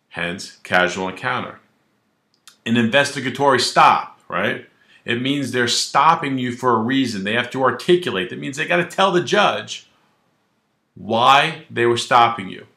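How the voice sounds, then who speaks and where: A man's voice: mid-range voice, lively intonation, normal speed, gravelly, sharp tone, reverberant. A male attorney explaining the law in a casual, colloquial way, acting out little scenes as he goes. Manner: colloquial and wisecracking, acts out quoted dialogue. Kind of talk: legal explainer video, casual direct-to-camera talk.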